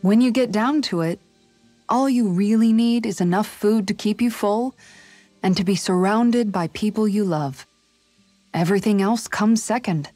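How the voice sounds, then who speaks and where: An actress voicing a calm, caring young woman and older sister who speaks thoughtfully, in a video game. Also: medium pitch, moderate pace, no room sound, faint music behind, lightly acted. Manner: gentle, thoughtful, soft-spoken.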